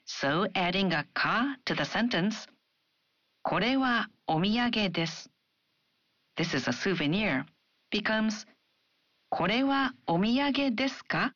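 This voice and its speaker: A woman reads a scripted language lesson in a measured, careful voice and gives each example question a clear upward lift. The studio sound is dry and a little dull, with no room around her. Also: mid-range voice, a bit bright, dry recording. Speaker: language program co-host. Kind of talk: scripted educational narration.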